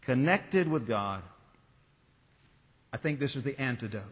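A man's voice: medium pitch, lively intonation. Male preacher in a reverberant church. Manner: measured, storytelling delivery. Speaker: pastor. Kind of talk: sermon.

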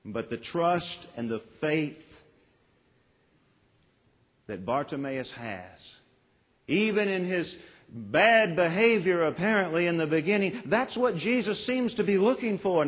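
A man preaching a sermon as pastor, earnest, with dramatic pauses and voiced quotes. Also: on the high side, breathy edge, big-room sound.

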